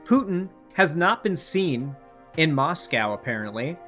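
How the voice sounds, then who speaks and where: Man with a higher voice doing casual commentary. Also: big pitch swings, measured pace, fairly bright tone, soft background music. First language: Ukrainian. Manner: conversational, with filler words and restarts. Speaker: political commentator.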